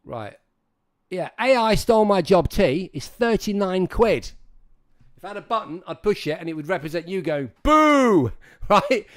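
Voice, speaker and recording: A man hosting a livestream, chatting casually and rambling as he talks straight to his viewers. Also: high voice. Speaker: livestream host.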